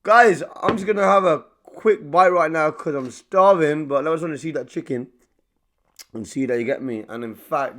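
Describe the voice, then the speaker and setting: A man's voice: a little high, normal speed, a bit bright. A young man, chatting casually to camera while eating in a mukbang vlog. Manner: chatty, eats between lines. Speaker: vlogger.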